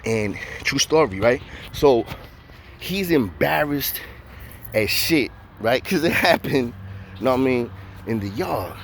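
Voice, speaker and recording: A man's voice: medium pitch, lively intonation, takes it slowly, long pauses, a little hiss or hum. A man casually telling profane stories, full of street slang and repeated "know what I mean" fillers. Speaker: storyteller. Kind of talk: casual storytelling.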